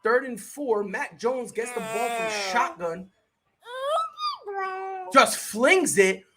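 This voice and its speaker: A streamer giving casual live play-by-play commentary, slangy and excitable, chatting with viewers between plays. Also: medium pitch, slow pace, noisy background. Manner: excitable, bursts into shouted reactions and laughter. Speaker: sports streamer.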